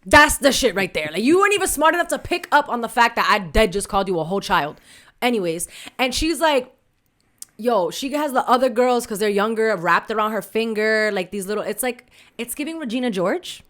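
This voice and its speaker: A woman's voice: fairly high pitch, lively intonation, a little fast, fairly bright tone. A woman podcast co-host telling a candid story in casual chat, full of slang and Spanish asides.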